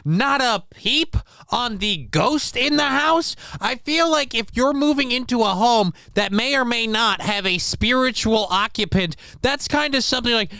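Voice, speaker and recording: A man's voice: very high-pitched, animated, unhurried, creaky, bright, forceful tone, clear, resonant tone, dry recording, clean studio sound. A man hosting a casual comedy commentary, joking crudely and rambling as he reacts to clips. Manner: crude joking, mock voices, loose rambling. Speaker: host reacting to news clips.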